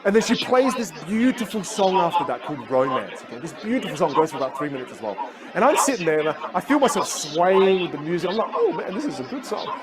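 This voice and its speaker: A communication coach whose first language is Teochew delivers a keynote with energetic storytelling. His voice sits a little high and leaps all over its range. The live recording carries loud crowd noise and ambience. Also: fast, low-quality recording. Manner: animated storyteller who acts out voices. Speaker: public speaker and communication coach. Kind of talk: keynote talk.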